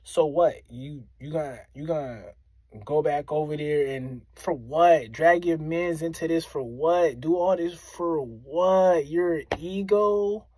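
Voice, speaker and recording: Casting: male rapper from Springfield, animated story to camera, a bit high, no room sound. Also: slow, no echo. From Springfield, Massachusetts, US. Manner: animated, addresses listeners directly, repeats phrases for emphasis. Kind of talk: casual storytelling to viewers.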